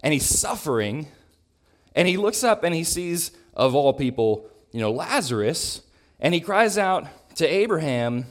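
A man teaching a Bible lesson to his congregation, talking it through thoughtfully, sometimes clearing his throat and correcting himself as he reads. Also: a little high, lively intonation, moderate pace. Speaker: preacher.

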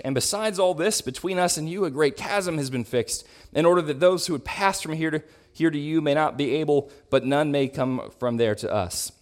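With a voice that's a little high, a preacher talks his congregation through a Bible lesson in a thoughtful way. He occasionally clears his throat and corrects himself while reading aloud.

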